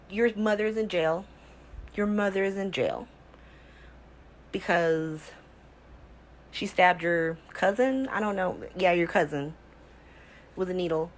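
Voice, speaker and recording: A woman's voice: on the low side, slight background noise, poor audio. Sassy, exasperated woman recapping at home. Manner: sassy, exasperated, rhetorical questions. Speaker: soap opera recap host. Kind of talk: casual recap chat.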